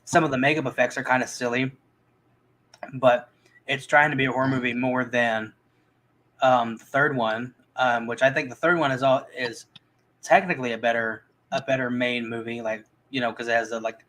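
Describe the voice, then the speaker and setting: A man's voice: mid-range voice, fairly even intonation, normal speed, bright, forceful tone, rough recording. A man reviewing movies in a casual, rambling chat, full of restarts and fillers.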